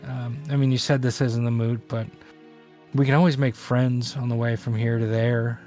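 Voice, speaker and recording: Guy at a tabletop game, smooth-talking with lots of ums, faint music. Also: medium pitch, level tone, normal speed, warm tone. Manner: persuasive, hesitant fillers. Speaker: player. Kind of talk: in-character table talk.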